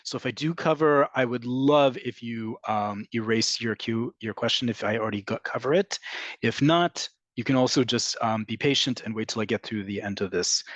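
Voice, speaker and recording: A man teaching an online language lesson, explaining patiently and repeating key words slowly for emphasis. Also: mid-range voice, fairly bright tone, no room sound. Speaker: Hebrew teacher.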